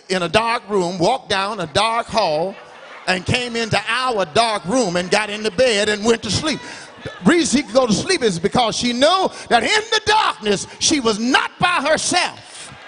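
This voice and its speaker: A middle-aged man preaching a revival sermon in a church, rising to shouted, half-sung climaxes. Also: high-pitched, big pitch swings, a little slow, a little hiss or hum. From United States. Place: large church sanctuary. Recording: church hall reverb.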